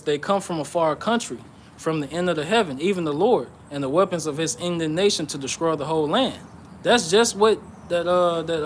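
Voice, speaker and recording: A man giving an informal sermon on prophecy, reading scripture aloud and explaining it, often checking in with "okay?" and "all right?" and pausing with "uh". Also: a little high, a little hiss or hum. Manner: pauses with "uh" and restarts. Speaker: bible teacher.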